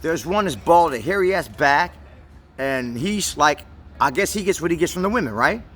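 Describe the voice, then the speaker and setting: Animated, bright-voiced man rambling through a story. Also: on the high side, fast talker, slightly rough. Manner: meandering, profane, repeats words when searching. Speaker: vlogger. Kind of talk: rambling profane storytelling monologue.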